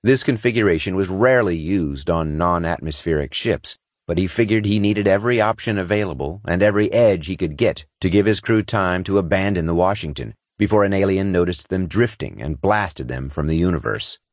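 A man reading scripted narration in a steady, measured way from a close studio mic. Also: deep voice, dry recording. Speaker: audiobook narrator. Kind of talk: scripted science fiction narration.

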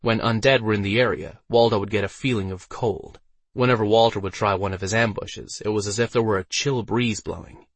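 A man narrating a fantasy audiobook with steady storytelling delivery. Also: fairly low pitch, fairly quick, no room sound.

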